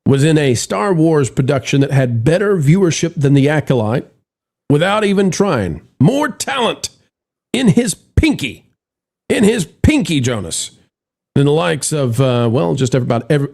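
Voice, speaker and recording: A man's voice: fairly high pitch, wildly swooping pitch, moderate pace, creaky, a little mellow. A man hosting a casual live-stream chat, playful and theatrical as he introduces guests. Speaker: host.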